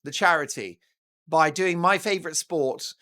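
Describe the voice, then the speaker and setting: A man's voice: on the high side, normal speed, sharp tone. A British man doing a smug, boastful young royal man in a mocking impression.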